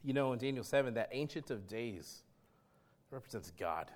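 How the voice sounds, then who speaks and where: A man preaching a sermon as pastor, emphatic and dramatic, swinging between loud stretches and hushed ones and talking straight to his congregation. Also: mid-range voice, animated, normal speed. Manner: acts out quoted speech and addresses the congregation directly.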